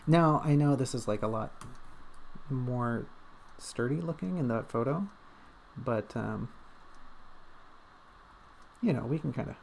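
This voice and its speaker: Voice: medium pitch, measured pace, creaky, pauses often, darkish tone, slight background noise. A livestreamer chatting casually and rambling, with self-mocking jokes.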